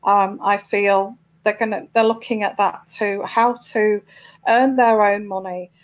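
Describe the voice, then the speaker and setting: A woman hosts her own live tarot show, chatting to viewers in a medium-pitched voice with fairly even intonation and a measured pace. She's hesitant, full of ums and restarts, and grows indignant at trolls. The audio quality is poor.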